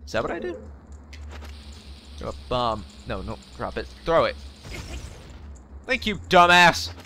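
With huge pitch swings in a mid-range voice, a young man gives jokey let's play commentary at normal speed, slightly bright, with a bit of background noise. He talks back to the game, swears now and then, and uses a facecam desk mic while game music plays underneath.

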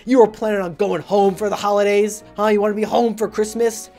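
A woman's voice: mid-range voice, steady tone, a little fast, warm tone, faint music behind. A woman hosting a comedic video essay, delivering her points with theatrical, melodramatic flair. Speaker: video creator.

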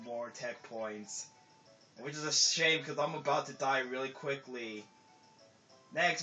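Speaking in a bright, forceful mid-range voice, a man rambles through a casual let's play, leaning on filler words and frequently letting sentences trail off. The lo-fi audio is dull, with game music playing beneath him.

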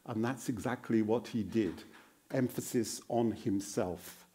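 A man's voice: fairly low pitch, steady tone, takes it slowly, dark tone. A man giving a sermon as a guest preacher in a church. He quizzes the congregation in an earnest, encouraging way and repeats phrases for emphasis.

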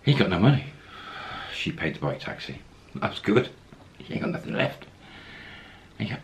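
A man's voice: sits low, very animated, moderate pace, gravelly, slight background noise. A man casually telling a travel story, acting out the quoted lines as he goes. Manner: anecdotal, acts out quoted lines, chuckles.

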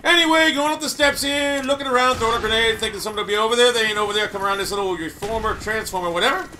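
A loud, hyper man giving boastful, trash-talking commentary over his gameplay. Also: high voice, very fast, noisy background. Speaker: gamer.

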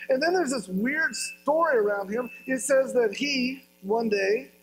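High-voiced man preaching with humor. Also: a little slow, low-quality recording. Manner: humorous storytelling, acting out voices. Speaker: pastor. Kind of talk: sermon.

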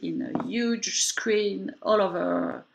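Woman telling animated stories. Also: mid-range voice, slow, vocal fry, muffled recording, noisy background. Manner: animated, acts out quoted voices. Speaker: documentary writer, interview guest. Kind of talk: podcast interview, storytelling.

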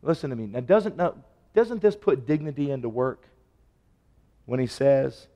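A man preaching a sermon, telling stories and acting out the dialogue, his voice swinging from loud to hushed. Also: medium pitch, lively intonation, normal speed, long pauses, in a large hall. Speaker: pastor. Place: church sanctuary.

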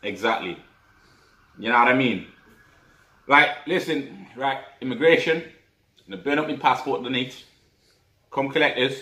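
A man's voice: mid-range voice, measured pace, pauses often, pushed and bright, far from the mic. A man from Africa with a Geordie accent, delivering an angry, profane comic rant. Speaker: comic vlogger. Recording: echoey room, off-mic.

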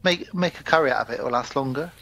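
A man co-hosting a podcast, casually retelling a film's plot with animated asides and quick acted-out quotes. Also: medium pitch, gravelly, faint music behind, low-quality recording. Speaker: podcast co-host. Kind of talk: casual chat.

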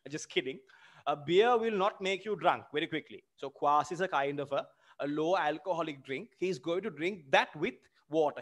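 A man with a fairly high voice teaches an English literature seminar. He walks through the text line by line, defining terms patiently and checking in with his students as he goes. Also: fairly bright tone. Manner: explains terms patiently, tags lines with "okay?" and "my friend". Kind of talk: explaining a play in a seminar.

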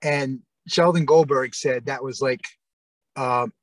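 A man's voice: medium pitch, fairly even intonation, slow, dry recording. A man telling stories in a casual interview, rambling with lots of fillers and restarts. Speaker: interview guest.

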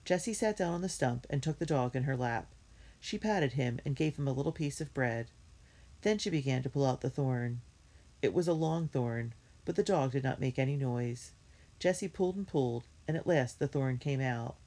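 Woman storybook reader, steady and clear. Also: rumbling low, normal speed. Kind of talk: storybook read-aloud.

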